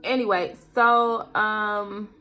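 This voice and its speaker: A woman's voice: medium pitch, little pitch movement, takes it slowly, pushed and bright, soft background music. Chatty young woman telling a story. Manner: chatty, rambling, addresses viewers as girl and y'all. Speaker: vlogger. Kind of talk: casual storytelling while doing makeup.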